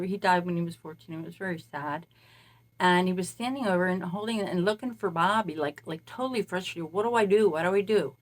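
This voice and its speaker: A woman who calls herself a spirit medium, talking casually in a meandering monologue and recounting events at length. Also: on the low side. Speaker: self-described spirit medium.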